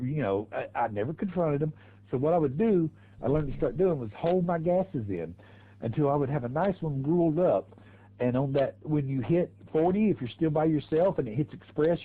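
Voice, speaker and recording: A man's voice: on the high side, narrow, tinny audio. A man streaming a racing game, telling crude stories in a rambling, laughing way. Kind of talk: casual storytelling while gaming.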